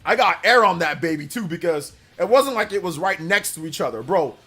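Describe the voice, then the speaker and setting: A man's voice: sits high, expressive, fairly quick, bright, forceful tone, slightly rough. A young man hosting a livestream, telling a rambling school story in casual chat and thanking viewers for donations. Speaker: livestream host.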